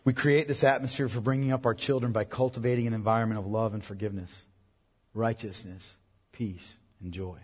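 Male pastor, husky, earnest sermon delivery, long church-hall reverb. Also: mid-range voice, fairly even intonation, quick pace. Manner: earnest, emphatic preaching to parents.

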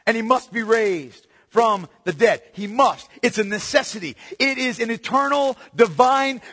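A male pastor preaching a sermon, emphatic and repetitive, swinging from soft to loud. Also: high voice. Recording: long hall reverb.

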